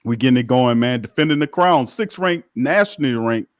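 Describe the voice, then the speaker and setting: Hype host, casual sports banter, dry close sound. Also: male voice, medium pitch, no room sound. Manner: energetic, hype, drawn-out phrasing. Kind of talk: casual sports talk show.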